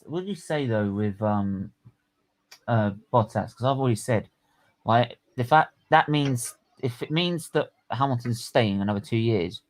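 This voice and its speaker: A man hosting a casual stream chat, excitable and quick to laugh. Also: mid-range voice, rough recording. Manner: excitable, laughs a lot, shouts when retelling. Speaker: stream host.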